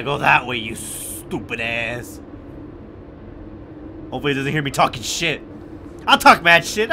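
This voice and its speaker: A young man giving gameplay commentary, swinging from hushed muttering to loud, sweary shouting. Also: medium pitch, noisy background. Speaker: gaming YouTuber.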